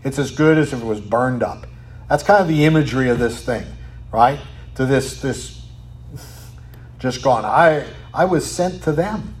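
A man preaching a sermon, asking rhetorical questions and tagging lines with "right?", sometimes dropping to a quiet, almost whispered tone for emphasis. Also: medium pitch, unhurried. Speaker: pastor.

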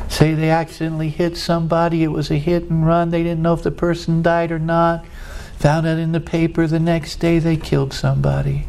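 A man's voice: fairly high pitch, gravelly, darkish tone, rough recording. A male preacher giving a sermon in a folksy way, drawing out words for emphasis. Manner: folksy, drawn-out emphatic phrasing.

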